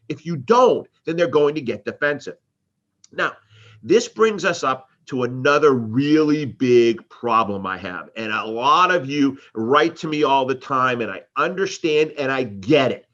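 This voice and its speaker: A man's voice: medium pitch, expressive, normal speed, fairly bright tone, lo-fi sound. A man teaching car sales in a live training talk, acting out exchanges between customers and salespeople.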